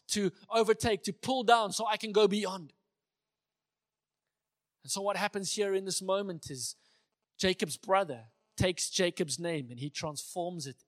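A man's voice: sits high, a bit bright. A man giving a conversational sermon who sometimes acts out the dialogue he retells. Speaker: preacher.

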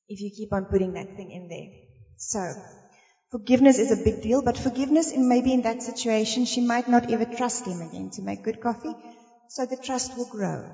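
A woman's voice: mid-range voice, warm tone. A middle-aged woman teaches a workshop on communication in relationships. She acts out little exchanges of dialogue and laughs often as she talks. Her voice carries a long hall reverb on a dull, lo-fi recording.

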